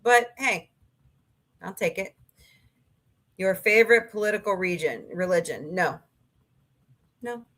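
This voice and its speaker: A woman's voice: mid-range voice, measured pace, pauses often, a bit bright. A middle-aged woman hosting a livestream, chatting casually with viewers and telling rambling stories with mild swearing. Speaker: livestream host. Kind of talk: casual chat reading viewer comments.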